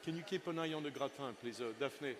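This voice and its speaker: A man's voice: medium pitch, fast talker, background noise. A man in his sixties, a chef giving a live cooking masterclass on a festival stage, chatty and playful with his helpers and the crowd.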